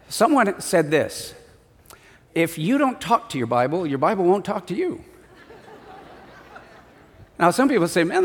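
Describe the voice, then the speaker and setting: A man preaching a sermon as pastor, animated, acting out little voices in his stories. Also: sits high, long reverb tail.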